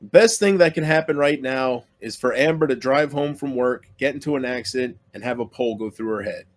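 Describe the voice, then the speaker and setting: A man's voice: medium pitch, fairly quick. Aggrieved man ranting to camera. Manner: aggrieved, self-pitying, swearing, trailing off mid-sentence. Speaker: YouTuber. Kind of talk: emotional solo rant to camera.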